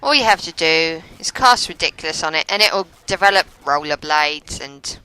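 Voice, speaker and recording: A woman's voice: low-pitched, animated, normal speed, bright, forceful tone, clear, resonant tone, soft background music, rough recording. A young woman giving chatty, sarcastic gameplay commentary and laughing often. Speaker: let's play commentator.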